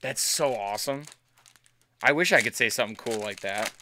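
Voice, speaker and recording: Hosting a live card break stream, a man opens packs and chats casually, joking back and forth with viewers. His voice is medium-pitched, pushed and bright, at a moderate pace. He's chatty and upbeat.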